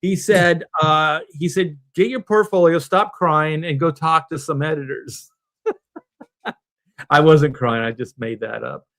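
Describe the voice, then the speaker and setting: Speaking at a slow pace in a slightly high voice, a middle-aged Southern Californian man tells a long, casual anecdote on a video call. He's a comic book artist guesting on a panel stream, and he animatedly voices the people in his story.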